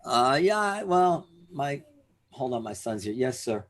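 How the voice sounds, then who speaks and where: A man, a guest, speaking in a tired, low-key way on a video call. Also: very animated, slow, a little hiss or hum.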